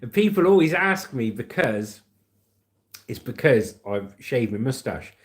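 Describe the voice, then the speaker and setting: A middle-aged British man hosts a casual livestream, joking and reading viewer comments aloud in a chatty way. His mid-range voice swings widely in pitch, and he takes his time.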